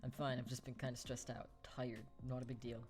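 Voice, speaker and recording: A man's voice: mid-range voice, flat delivery, a little fast, music in the background, natural voice. Terse, guarded middle-aged Brooklyn dad from a dating game, read by a man.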